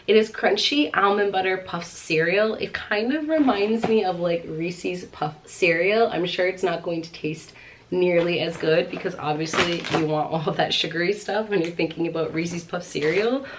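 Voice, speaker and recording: A woman's voice: on the low side, normal speed, slight background noise. A pregnant young woman chatting at home through a casual haul vlog, gushing with lots of fillers and short of breath. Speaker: vlogger.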